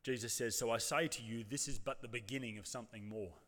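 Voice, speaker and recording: A man's voice: mid-range voice, fast, a bit bright. Man preaching in a reverberant church. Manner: reflective, rhetorical, acts out voices of the congregation. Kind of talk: sermon. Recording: long reverb of a church hall.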